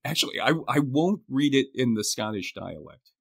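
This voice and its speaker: A man co-hosting a podcast in casual chat, talking in halting phrases full of restarts. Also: mid-range voice, lively intonation, creaky, fairly bright tone, husky. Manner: halting, restarts phrases, reads poetry aloud. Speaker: podcast co-host.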